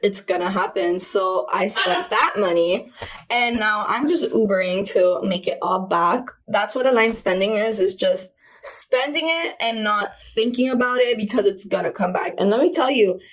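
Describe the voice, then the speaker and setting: A woman's voice: mid-range voice, moderate pace. A woman vlogging in a casual, candid way, telling personal stories with slang and filler words as she rambles on. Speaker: self-help vlogger.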